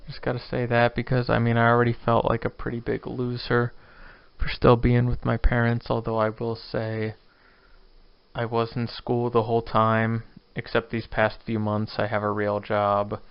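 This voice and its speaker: A man's voice: mid-range voice, monotone, normal speed, creaky, clear, resonant tone, no room sound, muffled recording. A drunk man in his twenties hosting his own podcast, rambling and joking at his own expense. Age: 20s. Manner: rambling, self-deprecating. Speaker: podcast host. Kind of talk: casual solo rambling podcast.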